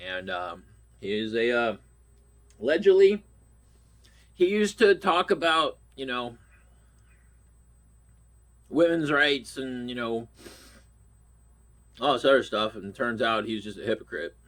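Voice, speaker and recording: A man's voice: medium pitch, lively intonation, slow pace, pauses often, a bit bright. Brief: middle-aged man from Pittsburgh, stuffy-nosed, with a blunt, profane ranting delivery. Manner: angry, blunt, swears constantly. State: stuffy nose. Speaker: vlogger. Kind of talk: profane rant.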